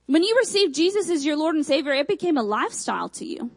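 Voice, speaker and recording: A young woman from Michigan with a Texan accent, preaching a sermon with emphatic repeated phrases and quick asides. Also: high voice, big pitch swings, low-quality recording.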